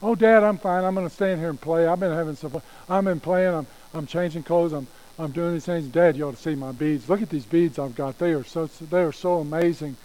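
A man's voice: on the high side, fairly quick, hardly any pauses, darkish tone, natural voice, poor audio. A man voicing a whiny, vain little girl who pleads and repeats herself. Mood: self-admiring.

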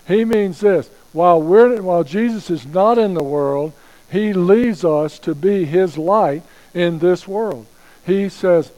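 A man preaching a sermon as pastor, slowing down to stress key phrases and asking rhetorical questions. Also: high voice, mellow, low-quality recording.

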